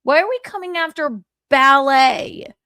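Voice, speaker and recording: Female stream host, slow, animated, snarky and foul-mouthed; dry close mic. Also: high-pitched, no echo. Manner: sarcastic, profane ranting. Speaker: livestream host. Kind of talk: casual gossip commentary.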